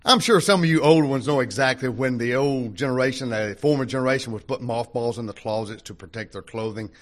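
A man's voice: medium pitch, fast talker. An older man preaching a sermon to a congregation in a folksy, conversational way, full of rhetorical questions. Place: church hall before a congregation.

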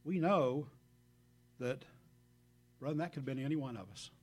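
This man's voice sits at medium pitch with a breathy edge, and he talks at a normal speed. As a preacher giving a conversational sermon, he earnestly speaks straight to the congregation, slipping in reflective asides between scripture readings.

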